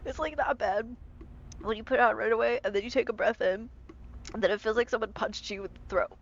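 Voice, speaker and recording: A woman streaming a video game, chatting casually and excitably with frequent swearing and playful grumbling. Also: a little high, lo-fi sound. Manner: chatty, excitable, quick reactions and self-talk. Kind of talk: casual live-stream gameplay commentary.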